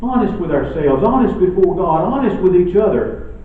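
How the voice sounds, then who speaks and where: Man preaching a sermon in a church, dramatic, loud then hushed, voice kinda high, far from the mic, tinny phone-like audio. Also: very animated, normal speed, very echoey, slight background noise. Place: church sanctuary.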